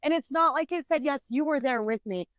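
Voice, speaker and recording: Animated, swearing young woman. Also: high-pitched, brisk, no echo. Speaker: podcast co-host. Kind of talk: casual chat.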